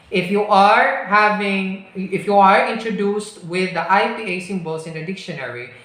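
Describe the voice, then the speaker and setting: A man teaching English pronunciation in a recorded lesson. He talks slowly and deliberately, draws out the model sounds, and checks in often with "okay?". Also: high-pitched, a bit bright. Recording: very echoey room.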